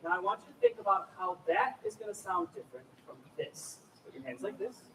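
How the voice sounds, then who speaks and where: A man coaches a student choir, his voice high and animated as he demonstrates different vocal sounds. He is heard from across a large echoey hall, with noise in the recording. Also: a little fast, vocal fry, a faint crowd. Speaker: choir clinician. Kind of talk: choir rehearsal instruction. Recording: echoey room, mic far off, noisy.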